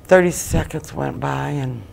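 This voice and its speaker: A woman giving emotional personal testimony as an interview guest, halting and repeating phrases as she relives what happened. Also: very deep voice, gravelly, a little mellow, slight background noise. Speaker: guest, bereaved mother.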